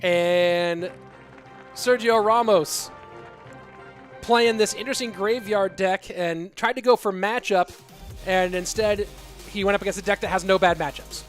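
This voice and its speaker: A man casting a live esports match, excitable and rambling, with chatty asides to the viewers. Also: high voice, unhurried, long pauses, soft background music. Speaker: esports caster and streamer. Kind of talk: live esports commentary with chat reading.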